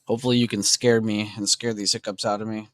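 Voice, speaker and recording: A young man with a fairly low voice talks fast while hosting a trading livestream, with no echo on the audio. Relaxed and slangy, he chats with his viewers, calling them "bro" and "dude."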